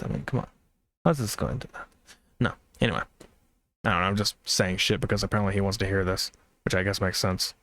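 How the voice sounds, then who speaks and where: Low-voiced man rambling casually. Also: brisk, long pauses, fairly bright tone. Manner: rambling, swears freely, talks to chat. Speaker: live stream co-host. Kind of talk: casual gaming chat.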